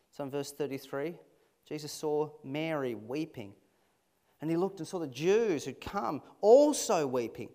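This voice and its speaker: A man delivers a sermon with a slightly higher-than-usual voice. He talks in a conversational, expressive way and keeps asking his listeners rhetorical questions. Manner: expressive, shifting emphasis. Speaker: preacher.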